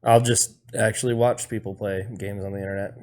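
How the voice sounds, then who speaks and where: A man's voice: fairly low pitch, little pitch movement, brisk, darkish tone. A man co-hosting a podcast, talking in a laid-back, slightly hesitant casual way. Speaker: podcast co-host. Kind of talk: casual chat.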